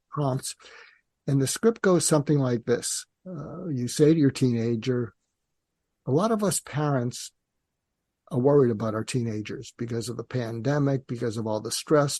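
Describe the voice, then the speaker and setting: An older man speaks as a psychiatrist guest, explaining patiently and steadily. His voice is mellow and relaxed. The recording is dry and close. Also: medium pitch, dry recording. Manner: calm, measured, acts out parent and teen dialogue. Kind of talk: conversational interview explanation.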